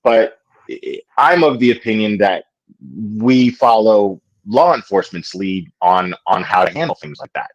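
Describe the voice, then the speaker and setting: Hesitant low-voiced man, dull dry audio. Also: lively intonation, unhurried, no echo. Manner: hesitant, hedging, repeats himself. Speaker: guest panelist. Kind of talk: casual livestream panel discussion.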